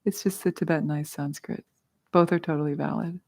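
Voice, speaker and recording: A woman's voice: low-pitched, steady tone, brisk, a little mellow. A middle-aged woman leading a mantra class, explaining with casual humor and easy laughter. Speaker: meditation teacher. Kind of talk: guided mantra teaching. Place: studio.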